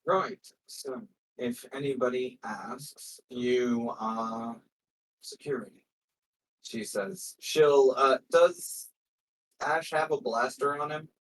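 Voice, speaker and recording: A man playing a tabletop role-playing game, talking hesitantly with many pauses and fillers. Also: medium pitch, low-quality recording. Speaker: player. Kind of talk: tabletop game play, casual.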